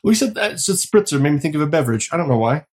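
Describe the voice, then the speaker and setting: A man's voice: a little high, big pitch swings, very fast. A middle-aged man co-hosting a casual chat, telling family stories and laughing often. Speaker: podcast co-host.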